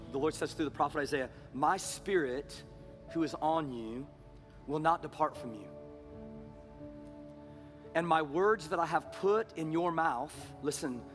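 Pastor guy preaching in church, kinda high voice, gets loud then drops to a hush, music playing soft under him. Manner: swings between loud preaching and hushed prayer. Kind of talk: sermon.

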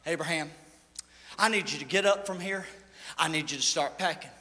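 A male preacher voicing God as a calm, commanding male figure who speaks low and firm. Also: moderate pace. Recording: long church hall reverb.

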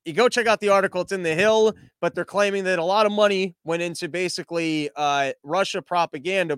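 A man's voice: high voice, fairly quick, few pauses, a bit bright, clean tone, dry recording. A young man hosting a podcast, casually riffing on news headlines with sarcasm and profanity, and often mocking people in put-on voices. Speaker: podcast host.

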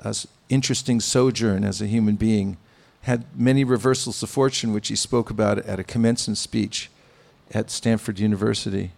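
A man giving a devotional sermon, speaking in a measured, pausing way with gentle humor. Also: lowish voice, fairly even intonation, creaky. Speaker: spiritual teacher. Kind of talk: sermon with anecdotes.

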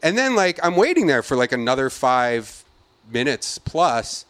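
A man on a podcast tells a rant in a loose, cursing, animated way, acting out each voice. His pitch sits in the middle range. The sound is dry and close, with no room echo. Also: unhurried, clean tone. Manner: profane, animated storyteller who acts out quotes. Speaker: podcast host. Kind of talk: casual ranting story.

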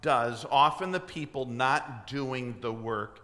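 Slow, bright-voiced preaching man. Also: mid-range voice, in a large hall. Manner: emphatic preaching, rhetorical questions to the congregation; clears throat often. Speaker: pastor. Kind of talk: sermon. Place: church sanctuary.

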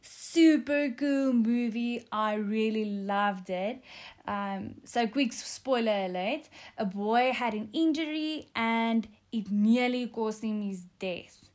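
Slow-talking earnest woman giving testimony. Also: fairly high pitch, a little mellow. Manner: earnest, with frequent um fillers. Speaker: speaker sharing a testimony. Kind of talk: devotional testimony talk.

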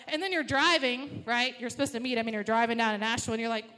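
A woman's voice: on the high side, fairly even intonation, very fast, hardly any pauses, bright, forceful tone. A woman telling a personal story to a live audience, swearing often and acting out her own reactions. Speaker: storyteller at an open mic. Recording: echoey hall.

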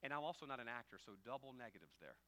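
A male pastor preaching a sermon, telling humorous stories and jumping from quiet asides to loud, high exclamations. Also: very animated, very fast. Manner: humorous storytelling with acted dialogue.

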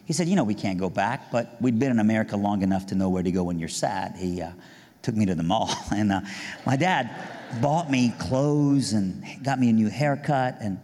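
A man from Iran telling his life story as a humorous testimony, animated and jokey, jumping high in pitch to act out punchlines and voices. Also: moderate pace. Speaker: speaker giving a testimony. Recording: long hall reverb.

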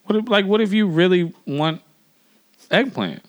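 A man's voice: high voice, animated, normal speed. A man hosting a casual chat, laid-back and laughing often, with lots of fillers. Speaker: podcast host.

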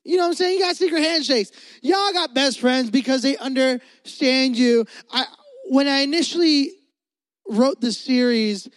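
A man's voice: very high voice, normal speed, no room sound. A young adult man preaching a casual sermon, chatty and full of fillers, often turning to the crowd with asides. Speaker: pastor.

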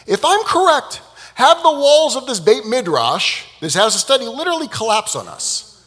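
A man's voice: mid-range voice, wildly swooping pitch, normal speed, vocal fry, bright, forceful tone, husky, full character voice. A man acting out an exasperated old male rabbi who insists he is right, raising his voice as he tells the story.

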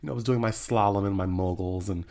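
A man co-hosting a podcast in casual chat, sassy and animated, sounding congested from a cold. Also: deep voice, quick pace. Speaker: podcast co-host.

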